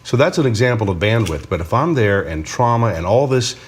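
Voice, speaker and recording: A middle-aged man with a fairly low voice, teaching as a counselor in a relaxed faith conversation. He talks in a loose, animated way and slips into quick acted-out dialogues. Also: breathy edge. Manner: animated, acts out little dialogues. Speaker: counselor co-host.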